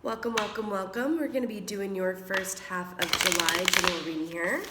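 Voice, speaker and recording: A woman getting over a cold gives a casual tarot reading, her voice a little rough from it. She talks in a chatty, affectionate way, laughing often and calling her listeners darling and honey. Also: medium pitch, steady tone, normal speed, very noisy. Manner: whispers while drawing cards. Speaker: tarot reader.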